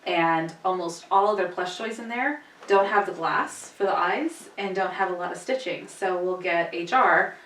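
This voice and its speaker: A woman's voice: lowish voice, moderate pace, a bit bright, recorded from a distance. A woman telling stories and giving tips in a casual chat. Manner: chatty, storytelling, light laughter. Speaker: guest. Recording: echoey room, voice from the mic.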